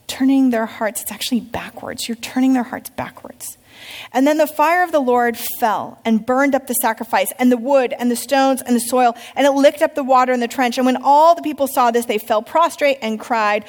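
A woman's voice: on the high side, fairly quick. A woman teaching a Bible lesson, reading scripture aloud and telling it as a story while asking her class questions. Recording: long hall reverb.

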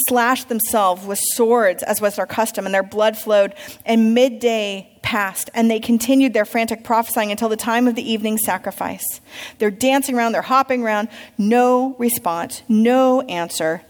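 A woman with a somewhat high voice teaches a Bible lesson, reading scripture aloud and turning it into a lively story. She pauses to quiz her class. Her voice carries a long reverb, as if heard in a large hall. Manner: storytelling, asks the class questions.

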